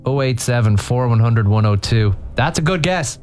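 A man's voice: mid-range voice, normal speed, faint music behind. A man hosting a radio phone-in, joking and teasing his callers in casual banter. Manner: jokey, animated, teasing callers. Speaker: radio host.

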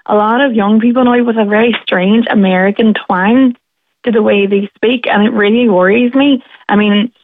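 A woman's voice: medium pitch, steady tone, normal speed, no echo. A young woman with a Derry accent, calling in to a radio phone-in and speaking directly and with passion. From Derry, Northern Ireland. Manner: direct, impassioned. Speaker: caller. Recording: tinny phone line.

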